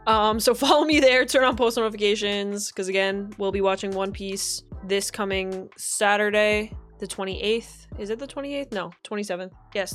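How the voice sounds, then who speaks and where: Blunt, chatty young woman reacting. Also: medium pitch. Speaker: streamer and reaction host. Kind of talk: casual reaction commentary.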